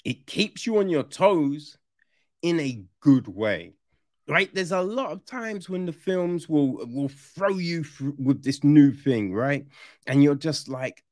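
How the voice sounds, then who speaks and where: Reviewer, slow-paced but swingy delivery, dry close sound, casual and sweary. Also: mid-range voice, no echo. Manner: animated, swearing, acts out reactions. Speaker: film reviewer.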